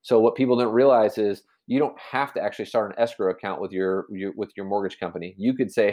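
A man's voice: fairly low pitch, steady tone, quick pace, hardly any pauses, mellow. A man explaining real estate in a casual podcast chat, rambling with many restarts and fillers. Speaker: real estate agent guest.

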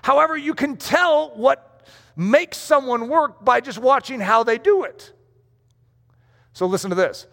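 A man's voice: very high-pitched, lively intonation, measured pace, gravelly, pauses often, a bit bright. A man preaching a sermon with emphasis, acting out the voices of the people he quotes. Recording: long hall reverb.

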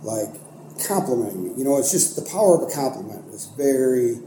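A young art teacher and coach from Ohio, United States, tells stories in a casual podcast interview, his medium-pitched voice moving a little fast. He rambles animatedly, with many fillers, restarts, and self-corrections. The room is echoey with faint noise.

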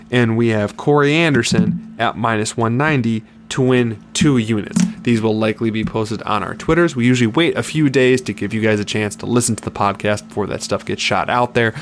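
A man's voice: medium pitch, slight background noise. A man co-hosting a casual podcast, giving confident, upbeat fight picks and betting advice. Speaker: podcast co-host.

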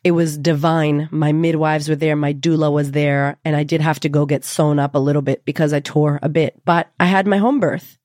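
A woman hosting a podcast, telling a personal story in a candid, lively way and swearing freely. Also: low-pitched, normal speed, hardly any pauses, dry recording, studio quality. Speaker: podcast host.

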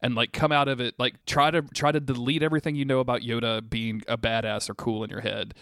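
A man's voice: medium pitch, little pitch movement, fast, a bit bright, no echo, clean studio sound. A young man co-hosting a podcast in casual chat, cursing freely and trailing off mid-sentence. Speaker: podcast co-host.

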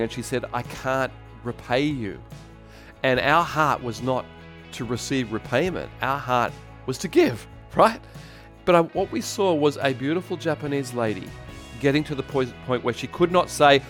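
Earnest middle-aged pastor preaching. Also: male voice, medium pitch. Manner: earnest storytelling, repeats words, swells louder on rallying calls. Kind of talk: sermon. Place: church in Tokyo.

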